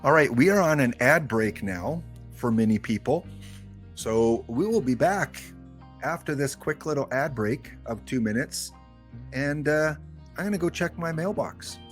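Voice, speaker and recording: Slow, joking man streaming a game. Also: medium pitch, expressive, faint music behind. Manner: chatty, joking, talks to viewers. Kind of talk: casual live-stream chat.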